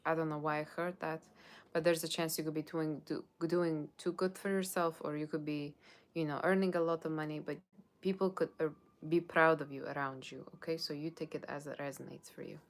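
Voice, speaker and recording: Brisk and flat in delivery, a low-voiced woman runs a live tarot reading. She reads viewers' comments aloud and replies in a playful put-on Halloween character voice, rambling loosely with lots of "like" and "okay?".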